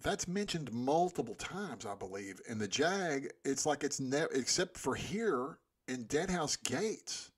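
Husky-voiced man chatting about a book. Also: mid-range voice, lively intonation, unhurried, hardly any pauses. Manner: enthusiastic, laughing often. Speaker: podcast co-host. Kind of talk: casual book discussion.

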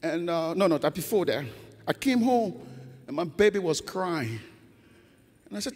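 A middle-aged man giving a church testimony in a preaching cadence that swells into shouted, half-sung praise. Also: high-pitched, lively intonation, moderate pace, pauses often. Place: large church sanctuary. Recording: long church reverb, faint organ music.

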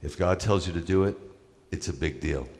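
A rabbi preaches in a relaxed, conversational way and leans hard on his key points. His voice is very low, and a long reverb trails each phrase, as in a large hall. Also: moderate pace, creaky, a little hiss or hum. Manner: conversational, emphatic preaching with asides to the congregation. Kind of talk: sermon.

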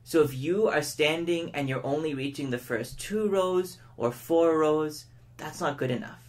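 A man's voice: fairly high pitch, darkish tone. Man teaching public speaking, demonstrative delivery. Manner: demonstrates his points by speeding up, slowing down and shifting tone. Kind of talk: educational lesson to camera.

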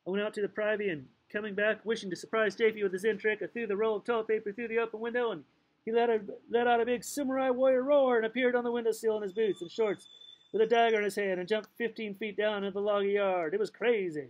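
High-pitched guy reading a book out loud at home, loose and playful, trips over a word sometimes. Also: fairly even intonation, quick pace, low-quality recording. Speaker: audiobook reader. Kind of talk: casual read-aloud narration.

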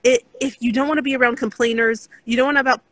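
Bright-voiced encouraging woman host. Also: high-pitched, steady tone, fast talker, no echo, rough recording. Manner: earnest, encouraging, faith-centred, with restarts. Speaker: podcast co-host. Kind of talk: casual interview chat.

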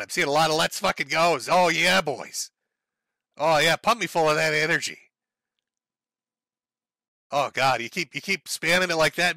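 A male streamer rants in profane, sarcastic commentary with a bright, forceful voice that sits a little high. The sound is dry and close. He mocks his subject and swears freely, and his voice sometimes sounds sore. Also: no echo. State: sore, says his throat gives out. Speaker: live stream host. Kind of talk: ranting live stream commentary.

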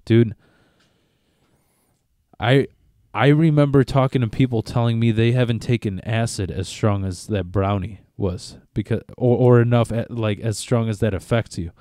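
A man tells a long, profane story in loose podcast chat. His voice is dark and mellow, and it sits dry and close with no room sound. He keeps stopping and restarting his sentences. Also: fairly low pitch, steady tone, moderate pace, no echo. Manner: rambling, profane, self-interrupting. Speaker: podcast co-host.

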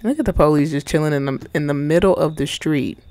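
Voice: mid-range voice, brisk, darkish tone, smooth, no echo. A person giving casual, playful commentary while playing a video game, cracking jokes and talking back to the characters in slang. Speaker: gaming channel host.

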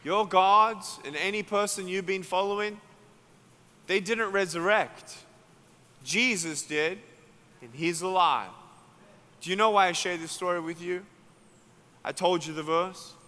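A man with an Australian accent, preaching a sermon as an evangelist and telling a story, acting out each person's words and building to loud climaxes. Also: high-pitched, unhurried, long pauses. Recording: long hall reverb.

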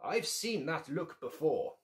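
A man voicing a plump little frog in a storybook reading, with a small croaky voice and a knowing manner. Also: on the high side, very animated, slow, a bit bright, slight background noise, voice pushed up, full character voice.

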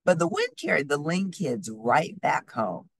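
A woman reads a children's storybook aloud at an unhurried pace. Her voice is husky with a gravelly edge and rises and falls widely. The sound is dry and close. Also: deep voice, dry recording. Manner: slow, expressive storytelling. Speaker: storybook reader. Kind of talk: reading a children's book aloud.

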